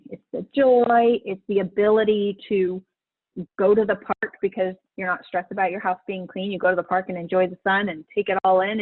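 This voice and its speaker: Chatty and upbeat, a middle-aged woman leads a casual live coaching stream, frequently laughing as she encourages her group. She speaks in a mid-range, husky voice over a tinny phone-like connection, with no echo.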